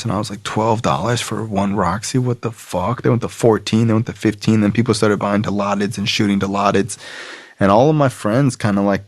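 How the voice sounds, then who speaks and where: A South Florida man appears as a podcast guest, telling his own story candidly and loosely, leaning heavily on "like," filler words and profanity. His voice is fairly low in pitch, and the recording is dry.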